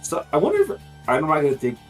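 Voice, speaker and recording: A man's voice: a little high, wildly swooping pitch, fast talker, faint music behind. Rambling, foul-mouthed man recapping cartoons. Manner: rambling, swears freely, laughs often. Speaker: podcast co-host. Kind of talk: casual chat recapping episodes.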